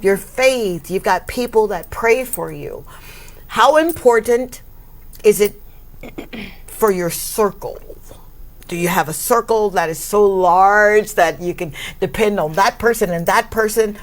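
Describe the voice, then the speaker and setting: A woman hosting a talk show, emotional and effusive, laughing often and giving loud shout-outs to her audience. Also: medium pitch, slow pace. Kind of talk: warm effusive interview talk.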